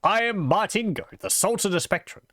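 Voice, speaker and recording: Man voicing a pompous mad sultan, sneering, archaic speech, raised lively pitch. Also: fairly quick, no echo, studio quality. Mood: mocking. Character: eccentric mocking self-styled sultan, adult man. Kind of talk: reading game dialogue aloud.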